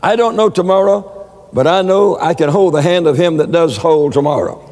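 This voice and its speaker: A man's voice: fairly high pitch, normal speed, a little mellow, long reverb tail. A man preaching a sermon, telling stories with many stammered repeats. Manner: storytelling with frequent stammered repeats.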